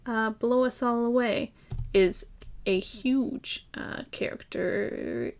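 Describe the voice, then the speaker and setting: A woman's voice: on the high side, takes it slowly, a little mellow. A young woman from Ireland chatting casually and enthusiastically in a fan review vlog, laughing often. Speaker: vlogger.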